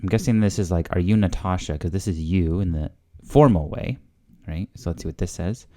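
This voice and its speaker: Low-voiced man musing hesitantly. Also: a little fast, warm tone. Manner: hesitant, full of fillers and guesses. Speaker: language learner hosting a video series. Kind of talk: casual thinking-aloud commentary.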